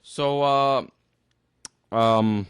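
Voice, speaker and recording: A man's voice: medium pitch, very slow, clean tone, dry recording, studio quality. A man in a crude, incredulous reaction rant, tipsy and laughing as he talks. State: drunk. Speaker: vlogger reacting to a video. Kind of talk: ranting reaction commentary.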